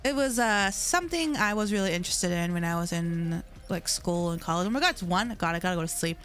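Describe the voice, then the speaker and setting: A woman's voice: fairly low pitch, animated, fast talker, a bit bright, soft background music. A young woman livestreaming from home, chatting casually with her chat in a rambling way, full of "like" fillers, into a desk mic.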